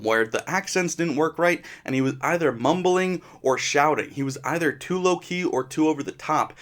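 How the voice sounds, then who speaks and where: Brief: male movie reviewer, fairly high pitch, blunt conversational rant. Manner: opinionated, frank, conversational. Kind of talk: casual film review rant.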